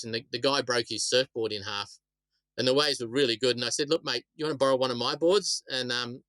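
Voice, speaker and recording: Australian man, middle-aged, bright tone, dry close sound, rambling storyteller. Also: mid-range voice, no echo, low-quality recording. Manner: rambling, repeats words, laughs at his own stories. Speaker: shark attack survivor, guest. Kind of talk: casual storytelling interview.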